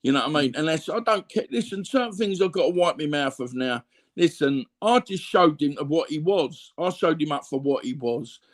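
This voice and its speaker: A man's voice: on the high side, expressive, moderate pace. A middle-aged Cockney man telling blunt, rambling stories as an interview guest, full of fillers and repeats. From London, England. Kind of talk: candid conversational storytelling.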